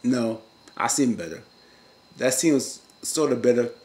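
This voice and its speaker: A man casually recapping a TV episode in a slangy, rambling way, breaking into loud, high-pitched rants now and then. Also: animated, a little slow. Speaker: TV recap vlogger.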